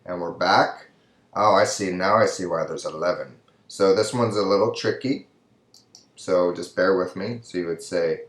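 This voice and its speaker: A man's voice: low voice, normal speed, fairly bright tone, echoey room. A man teaching a Spanish grammar lesson, patiently explaining each answer step by step in English and Spanish. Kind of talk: recorded classroom lesson.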